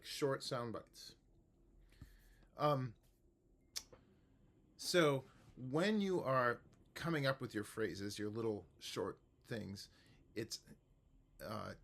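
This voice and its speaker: Male music teacher, casual explainer, rambling and relaxed. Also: medium pitch. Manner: relaxed, rambling, many fillers and restarts. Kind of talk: casual instructional talk to camera.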